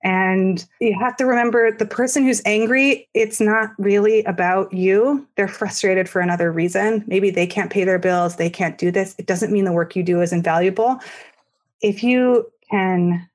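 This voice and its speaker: A woman's voice: mid-range voice, fairly even intonation, normal speed. A woman guest on a podcast, a startup founder talking frankly and with animation in casual conversation.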